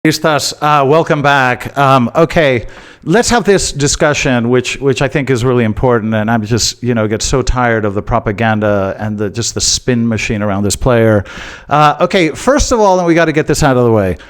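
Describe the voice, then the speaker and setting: American guy ranting about football to his viewers, smooth clear voice, lots of uh and okay, hammers his point home. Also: medium pitch, normal speed. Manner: emphatic, repeats points, frequent "uh" and "okay". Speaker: football channel host. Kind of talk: casual opinion monologue to camera.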